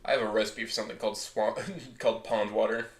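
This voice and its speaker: A man hosting a casual podcast chat, halting and restarting often. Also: fairly low pitch, level tone. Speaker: podcast host. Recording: echoey room.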